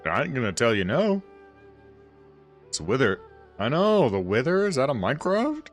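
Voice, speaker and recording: A man's voice: mid-range voice, wildly swooping pitch, moderate pace, soft background music. A man streaming a game, chatting casually and rambling with his viewers. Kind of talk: casual livestream chat.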